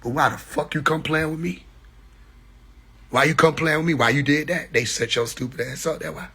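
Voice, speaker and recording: A man in his twenties ranting on a phone livestream, profane and mocking, breaking into laughter and shouts. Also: a little high, fairly even intonation, moderate pace, slightly rough. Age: 20s. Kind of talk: casual livestream rant.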